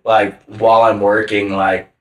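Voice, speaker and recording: A man's voice: lowish voice, little pitch movement, a little slow, a bit bright, reverberant. A young man co-hosting a casual podcast chat, rambling with lots of filler words and swearing. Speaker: podcast co-host.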